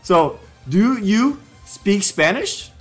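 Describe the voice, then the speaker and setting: A man's voice: high-pitched, very animated, extremely slow, slightly rough, faint music behind. A young man casually commenting on a live stream, joking around and reading prompts aloud. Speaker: livestreamer.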